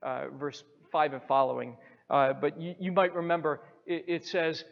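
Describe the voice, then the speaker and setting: A man's voice: fairly high pitch, normal speed, gravelly. A male pastor preaching a sermon emphatically, repeating phrases for stress. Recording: muffled sound in a reverberant hall.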